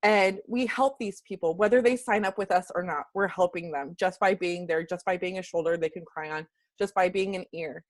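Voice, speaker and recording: A woman's voice: on the low side, a little fast. Chatty woman leading a group call, laughs easily, speaks openly about feelings. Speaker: team leader hosting a call. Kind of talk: casual team call chat.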